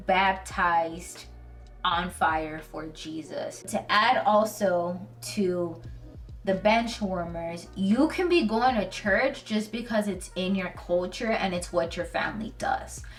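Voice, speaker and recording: Speaking slowly in a mid-range voice, a Christian video host tells animated, slangy stories about the Bible. She sounds earnest and emotional, recorded on a distant mic over faint background music.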